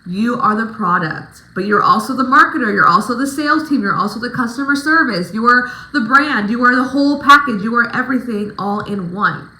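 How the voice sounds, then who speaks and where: A woman with a bright, forceful, fairly high voice gives a casual advice vlog, coaching fellow dancers in an emphatic, swear-laden pep-talk style. Her voice rings around an echoey room. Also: animated, fairly quick, few pauses. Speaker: stripper giving advice to other dancers.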